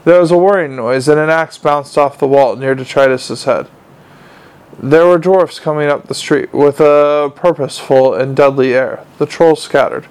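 A man narrating an audiobook in a steady, measured storytelling manner. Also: fairly high pitch, smooth, rough recording. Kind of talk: scripted narration.

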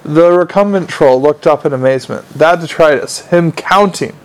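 Steady male audiobook narrator. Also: on the high side, moderate pace, hardly any pauses, smooth, low-quality recording. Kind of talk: scripted narration.

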